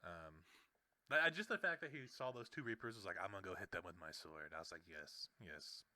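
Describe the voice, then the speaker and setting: A man co-hosting a casual gaming podcast, telling animated stories and laughing often. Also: low voice, fast, dry recording. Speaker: podcast co-host.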